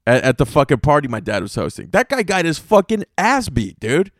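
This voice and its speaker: A man's voice: a little high, big pitch swings, fairly quick, no room sound, clean studio sound. A man hosting a podcast, telling a rambling, profanity-heavy story and often correcting himself mid-sentence. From North Carolina, US. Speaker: podcast host. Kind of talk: casual storytelling monologue.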